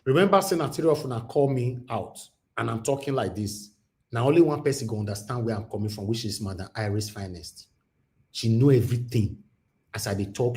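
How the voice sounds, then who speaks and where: A Nigerian man hosting a livestream, talking to callers and mixing in Pidgin, growing loud and high-pitched when worked up. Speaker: livestream host. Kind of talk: livestream talk.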